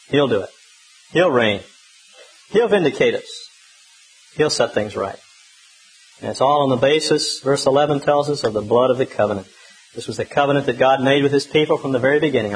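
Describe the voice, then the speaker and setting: A male pastor preaching a sermon in a conversational, humorous way with lively emphasis. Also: medium pitch, fairly quick, low-quality recording.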